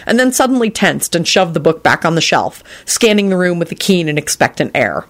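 Expressive woman reading a story, low voice. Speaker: narrator. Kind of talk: audiobook reading of fan fiction.

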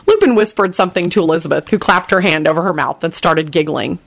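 A woman reading a fan story aloud with expressive, brisk storytelling. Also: deep voice, gravelly, slightly rough. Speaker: reader.

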